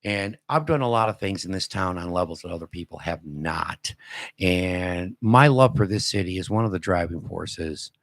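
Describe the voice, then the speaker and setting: A man's voice: sits low, animated, moderate pace, a bit bright, dry recording. A man in his fifties, born and raised in Detroit, hosting a casual opinion talk show and rambling in a folksy way with lots of "you know" and restarts. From Detroit, USA.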